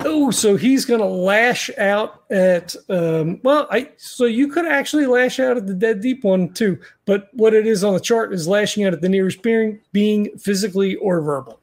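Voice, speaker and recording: A man's voice: high voice, normal speed, few pauses. A man running a tabletop horror game as game master, rambling with many fillers and restarts.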